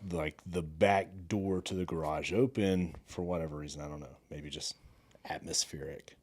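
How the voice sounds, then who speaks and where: Podcast co-host, man, very deep voice, low-key and dry in a loose chat. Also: fairly even intonation, normal speed, a little mellow, husky. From Southern United States. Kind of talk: casual chat.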